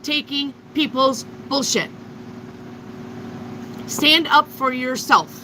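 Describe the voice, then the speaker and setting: A woman's voice: high voice, slow pace, background noise. A woman giving a live tarot reading to viewers, blunt and emphatic, with frequent swearing. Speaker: tarot reader.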